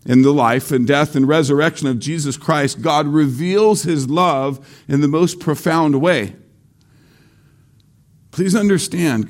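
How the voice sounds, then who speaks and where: A man preaching a sermon slowly and deliberately, repeating key phrases for emphasis. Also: fairly high pitch. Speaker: pastor.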